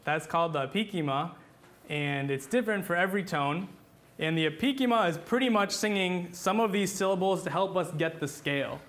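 A man's voice: high voice, a little fast, a bit bright. A man teaching a class on church chant, talking patiently with many fillers and restarts, and singing short examples.

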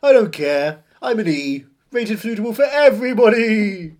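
A man's voice: high voice, animated, normal speed, a little mellow. A man guesting on a podcast, joking in a camp, theatrical way and swooping into silly voices. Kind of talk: comic improvised banter.

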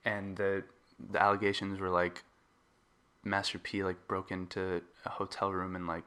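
A man hosting a casual podcast chat, relaxed, laughing along and swapping stories with his guest. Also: low-pitched, normal speed. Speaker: podcast host. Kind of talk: casual conversation.

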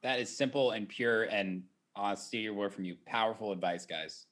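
A man's voice: on the low side, moderate pace, fairly bright tone. A man hosting an interview who reacts to his guests with enthusiasm. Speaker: interview host.

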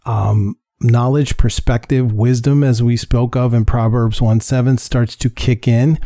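Man, middle-aged, podcast host, casual faith talk, hesitant with fillers and restarts, mellow tone, dry close sound. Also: medium pitch, steady tone, no echo. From upstate New York. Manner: halting, many fillers and restarts. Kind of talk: casual Christian podcast monologue.

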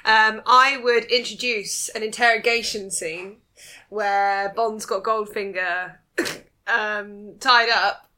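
A woman's voice: medium pitch, steady tone, slow, bright, forceful tone. A woman in a casual comedy chat, giggling as she tells a silly story.

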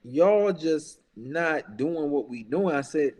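A man's voice: fairly high pitch, lively intonation, slow, a little mellow, big-room sound. A man ranting in a heated, casual podcast chat. He is profane and emphatic, repeats himself and keeps saying "bruh". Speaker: podcast talker.

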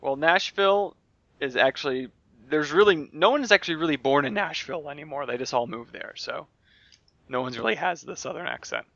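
A man's voice: a little high, brisk, gravelly, a bit bright, no echo, highs cut off. A man from North Carolina co-hosting a casual podcast, blunt and enthusiastic. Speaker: podcast co-host. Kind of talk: casual chat.

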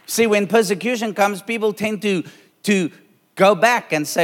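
A man's voice: sits high, normal speed, a faint crowd. Emphatic middle-aged male preacher in a hall. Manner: emphatic preaching with repeated phrases and rising force. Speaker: pastor. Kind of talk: sermon. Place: church hall with a live congregation. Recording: long hall reverb.

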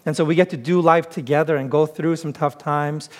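A man preaching a sermon to his congregation in a relaxed, conversational way, often pausing on "uh", with playful asides that draw laughs. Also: a little high. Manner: conversational preaching with frequent "uh" fillers. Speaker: pastor.

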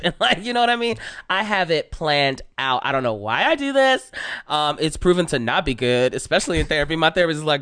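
A fairly high-voiced man chatting on a podcast, full of giggles and playful swoops up into squeaky voices when he acts out a moment. The sound is close and dry, with no room around him. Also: moderate pace, clear, resonant tone, no echo. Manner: animated, giggly storyteller who jumps into high playful voices. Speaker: podcast guest, actor and comedian. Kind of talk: casual podcast chat.

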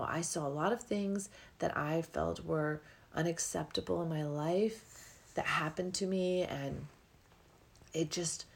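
A woman's voice: lowish voice, gravelly. A middle-aged woman hosting a podcast, talking in a reflective, rambling way with sighs and yawns. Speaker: podcast host. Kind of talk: casual spiritual podcast monologue.

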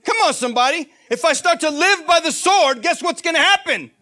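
A man's voice: extremely high pitch, expressive, brisk, bright, forceful tone. A man preaching an informal sermon, emphatic and calling out to his listeners again and again. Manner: emphatic, repetitive call-outs to listeners.

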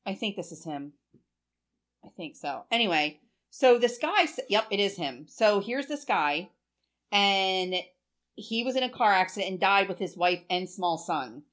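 A woman's voice: mid-range voice, expressive, measured pace, fairly bright tone. Chatty swearing woman in her forties. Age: 40s. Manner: chatty, swearing, emotional storytelling. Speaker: podcast co-host. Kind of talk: casual chat.

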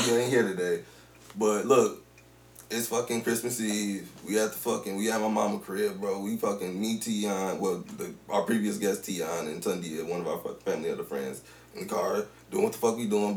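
A man co-hosting a podcast, telling a long story in a casual, slangy, animated way with lots of swearing. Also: fairly low pitch. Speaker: podcast co-host. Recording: roomy, distant mic.

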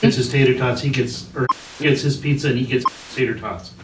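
A middle-aged father calmly asking his son a string of questions on a home recording. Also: medium pitch, a little fast. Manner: plain, steady questioning. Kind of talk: family conversation on a home recording. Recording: echoey room, far from the mic, noisy.

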